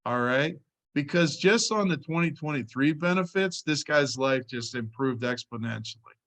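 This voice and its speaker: A man's voice: a little high, lively intonation, normal speed, fairly bright tone. Man telling a sales story, casual and punchy. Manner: storytelling, says "all right" often. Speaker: insurance sales trainer. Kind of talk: casual training talk.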